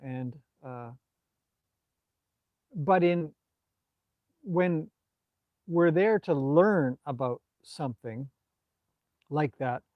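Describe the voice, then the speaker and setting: A man with a Canadian accent, hosting a casual live stream and reading out viewer comments in a relaxed, rambling way. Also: a little high, drawn-out words, long pauses, no room sound, phone-quality sound. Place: outdoors at a stable in the evening.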